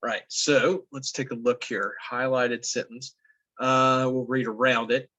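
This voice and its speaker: A man's voice: mid-range voice, fairly even intonation, measured pace, bright, forceful tone, low-quality recording. A man teaching a class, reading passages aloud and explaining them casually with many fillers. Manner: thinks aloud with fillers, reads passages then comments.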